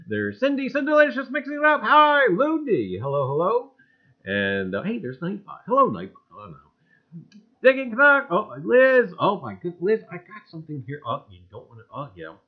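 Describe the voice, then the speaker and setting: A folksy man hosts a casual livestream, calling out viewers' names in loud, sing-song bursts before dropping back into easy chat. His voice is a little husky and fairly high for a man, and it swoops up and down a lot. The stream audio sounds dull and lo-fi. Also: big pitch swings, a little fast. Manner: folksy, repeats "gang, I tell you". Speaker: livestream host.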